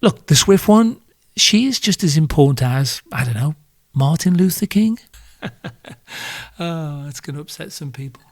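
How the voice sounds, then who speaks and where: A man's voice: a little high, animated, normal speed, pauses often, dry recording, studio quality. A British man hosting a solo podcast, ranting in a sardonic, crude and profane way. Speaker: podcast host.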